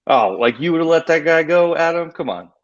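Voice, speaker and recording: A man's voice: fairly high pitch, normal speed, highs cut off. A man co-hosting a podcast, chatting casually and telling loose, joking stories. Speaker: podcast co-host. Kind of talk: casual chat.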